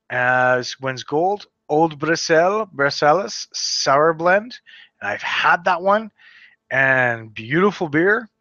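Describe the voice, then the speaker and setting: A man's voice: on the high side, sharp tone, dry recording, muffled recording. A man from Western Canada hosting a casual solo podcast, reading out a list and stumbling over names with offhand asides. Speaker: podcast host.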